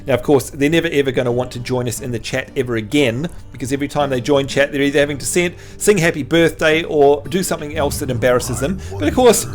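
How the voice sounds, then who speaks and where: A New Zealand man with a Kiwi accent carrying some Australian flavor streams a card game, talking with viewers as he plays. His medium-pitched voice moves fast with few pauses over soft background music, staying lively and chatty and climbing when he gets excited.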